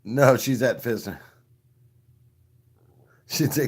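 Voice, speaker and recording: A man's voice: mid-range voice, expressive, normal speed. A man telling crude, self-mocking stories on a live stream, laughing at his own jokes between coughing fits. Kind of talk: crude comic storytelling.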